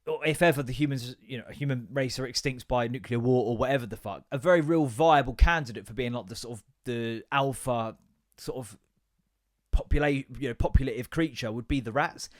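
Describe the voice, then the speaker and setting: A man's voice: medium pitch, a little fast, no echo, clean studio sound. A young man hosting a podcast, ranting casually and swearing a lot as he rambles between asides. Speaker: podcast host. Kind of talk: casual comedic rant.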